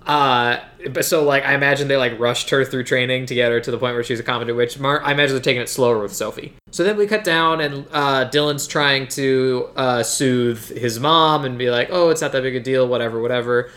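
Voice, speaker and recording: Podcast host, middle pitch, chatty, casual movie recap, quick acted-out lines. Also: fairly bright tone. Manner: chatty storyteller, acts out lines in quick voices.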